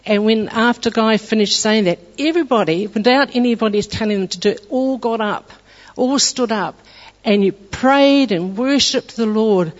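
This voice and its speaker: A woman giving an earnest church testimony, retelling events in a halting way with restarts. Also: a little high. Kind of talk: testimony storytelling. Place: church hall. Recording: dull lo-fi with long hall reverb.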